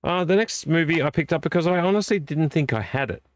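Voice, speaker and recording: A man's voice: on the high side, quick pace, slight background noise. Rambling man hosting a live vlog. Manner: rambling, easily distracted, self-correcting. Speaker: vlog host. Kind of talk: casual live-stream chat.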